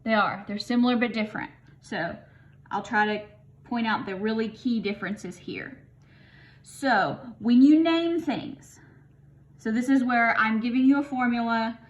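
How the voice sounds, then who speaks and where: A woman's voice: a little high, a little slow, muffled recording. A woman explaining chemistry naming rules as a teacher, in a casual, chatty way that thinks aloud with a bit of humor. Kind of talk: recorded lesson explanation.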